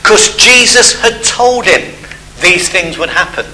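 Bright high-voiced preacher. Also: male voice, animated, slow, slight background noise, rough recording. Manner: storytelling, acts out the voices of biblical characters. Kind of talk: sermon.

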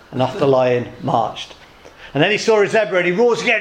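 A man's voice: fairly high pitch, echoey room. A man preaching a sermon at a church service, telling jokes and speaking in short, paced phrases. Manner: jokey storytelling, pausing in short phrases.

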